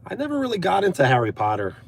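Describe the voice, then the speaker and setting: A young man from Brooklyn chats easily on a live stream from inside his car. His pitch rises and falls a lot as he thanks viewers by name and drifts between topics. He fills gaps with "uh" and "like". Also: wildly swooping pitch, very fast, vocal fry, a little hiss or hum. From Brooklyn, USA. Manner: chatty, thanks viewers by name, frequent uh and like fillers. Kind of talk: casual live stream chat reading comments.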